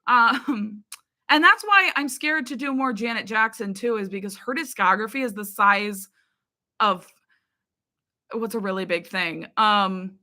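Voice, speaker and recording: Bright, chatty young woman. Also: mid-range voice, a little slow. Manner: chatty, rambling, many fillers and laughs. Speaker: YouTube reaction creator. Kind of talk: casual live chat with viewers.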